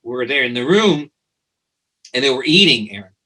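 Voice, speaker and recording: Man, bright and forceful, animated storyteller in interview, restarts a lot. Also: medium pitch, moderate pace, poor audio. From Italy. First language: Italian. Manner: animated, repeats words and restarts often. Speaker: guest, company founder.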